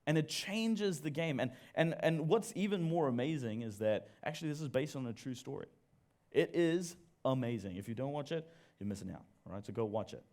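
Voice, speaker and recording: Man preaching with an animated, joking delivery. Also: mid-range voice, a little fast. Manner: animated storyteller, jokes at own expense, addresses audience. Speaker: church speaker. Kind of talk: sermon with personal story. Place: church service.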